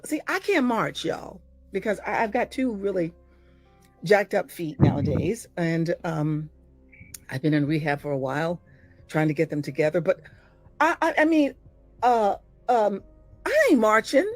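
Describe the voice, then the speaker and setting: An older American actress giving a blunt, profane, impassioned monologue to her followers, swinging from low murmurs to loud exclamations. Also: sing-song, a little slow, no echo, soft background music. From United States.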